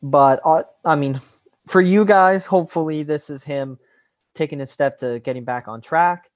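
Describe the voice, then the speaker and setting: A man's voice: a little high, normal speed, dry recording. A man co-hosting a casual hockey podcast, wry and teasing. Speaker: podcast co-host.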